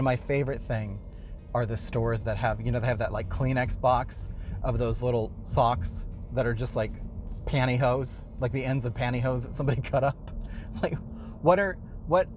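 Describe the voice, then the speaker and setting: A man's voice: medium pitch, background noise. A man hosting a casual show from his car while driving, rambling with wry, exasperated asides. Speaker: host.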